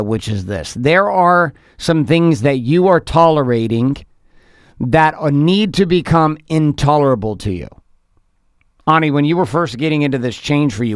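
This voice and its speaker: A man's voice: on the high side, no room sound, clean studio sound. A man hosting a business podcast, speaking in emphatic, repetitive motivational phrases. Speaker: podcast host.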